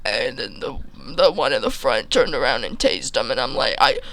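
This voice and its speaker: A man's voice: medium pitch, very animated, moderate pace, creaky, background noise. A man telling an absurd comic story in a rambling way, with many restarts. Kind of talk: comedic storytelling.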